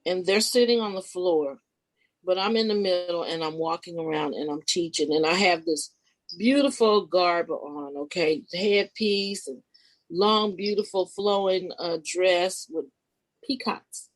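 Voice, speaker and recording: Expressive woman telling a spiritual story. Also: a little slow, low-quality recording. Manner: animated, expressive retelling with sudden pitch leaps; casual, informal phrasing with restarts. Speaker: podcast guest, spiritual life coach. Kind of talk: personal storytelling in a conversation.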